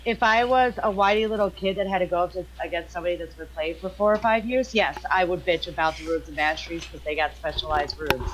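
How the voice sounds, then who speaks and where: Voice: medium pitch, fairly even intonation, fast talker, hardly any pauses, a bit bright, a little hiss or hum, poor audio. A gaming friend on voice chat, blunt and argumentative, swearing as they make their case.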